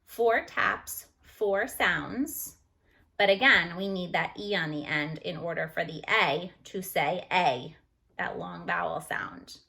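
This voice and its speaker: A woman teacher going over a phonics lesson on a video call, slowly sounding out letters and words. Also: on the low side, gravelly, pushed and bright. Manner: slow, deliberate, sounds out each letter. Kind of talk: recorded phonics lesson review.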